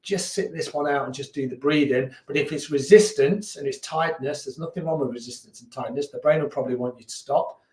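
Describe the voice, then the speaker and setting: A man's voice: medium pitch, quick pace, few pauses. Guy leading a chill yoga class, friendly and chatty, sounds far off from the mic in an echoey room. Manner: relaxed, encouraging, chatty, laughs at himself. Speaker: yoga instructor. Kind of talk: guided beginner yoga class.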